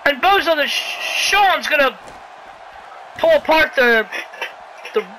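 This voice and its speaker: Brief: playful, sarcastic game commentator with a high, crisp voice, pleading and shouting through a video game wrestling match. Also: slow pace, slight background noise, low-quality recording. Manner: excitable, pleads with the characters and yells at big moves; sarcastic asides and mild swearing.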